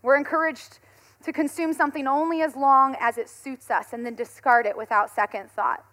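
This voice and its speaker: A woman in her thirties, a pastor giving a conversational sermon, telling stories in an animated way and laughing often. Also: sits high, normal speed.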